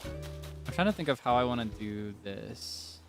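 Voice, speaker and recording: A man's voice: mid-range voice, animated, a little slow, music in the background. A young man chatting casually while streaming a game, theatrical and playfully whiny, laughing often.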